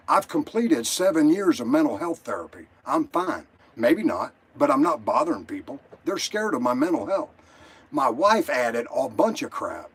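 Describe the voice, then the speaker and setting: Older male caller, slightly high husky voice, agitated and profane. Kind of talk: emotional call-in story.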